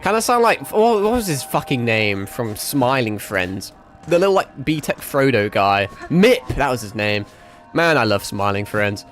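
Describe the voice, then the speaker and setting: A man's voice: mid-range voice, big pitch swings, a little slow, a bit bright, faint music behind. A man in his twenties streaming a game, rambling casually and swearing a lot, often mocking himself. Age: 20s. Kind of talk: casual live-stream chat.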